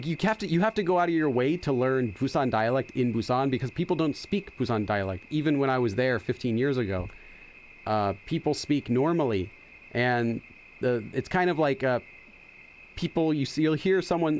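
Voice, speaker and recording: A man's voice: medium pitch, animated, moderate pace, a little mellow, a little hiss or hum. A middle-aged man hosting a casual game playthrough, chatty and explaining as he goes. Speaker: gaming channel host. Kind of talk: casual let's-play commentary.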